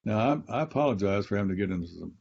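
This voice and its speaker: A man teaching with a low, mellow, husky voice. He explains step by step like a professor and repeats key phrases. The audio is slightly dull and lo-fi. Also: lively intonation, rapid-fire. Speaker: Bible scholar and professor. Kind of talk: teaching conversation on a podcast.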